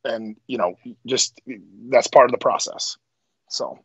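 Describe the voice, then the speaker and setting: A man who is a strongman, a podcast guest telling stories in casual chat, animated and profane. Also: mid-range voice, unhurried, breathy edge, dry recording, dull audio.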